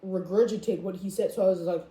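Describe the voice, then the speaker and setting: A teenage girl ranting casually to her camera at home, chatty and animated, with lots of "like" fillers. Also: lowish voice, fast talker. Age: teens. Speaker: vlogger. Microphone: camera or phone mic. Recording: echoey room.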